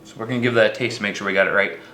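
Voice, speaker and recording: A man's voice: fairly low pitch, steady tone, rapid-fire, sharp tone, roomy sound, a little hiss or hum. A man hosting a casual cooking demonstration in a kitchen, joking and poking fun at himself as he rambles through the recipe. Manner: joking, self-mocking, rambling. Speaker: outdoor cooking show host.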